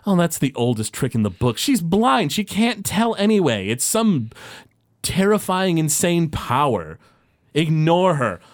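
A man's voice: fairly high pitch, big pitch swings, a little slow, voice pushed up. A man voicing a scornful villain. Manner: dismissive, commanding.

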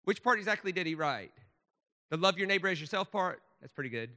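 A man with a high, ringing voice preaches a sermon. He is emphatic and restarts his phrases often. His voice carries a long reverb from a church sanctuary. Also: animated, quick pace, pushed and bright. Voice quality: emphatic, with lots of stammered restarts.

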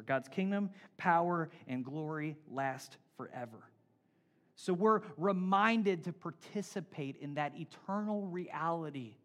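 A man preaching a sermon, building emphasis through lists and dropping to quiet closes. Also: a little high. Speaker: pastor.

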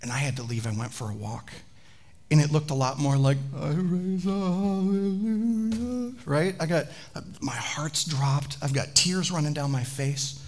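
Man, pastor, sermon, animated storytelling, chatty asides. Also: medium pitch, normal speed.

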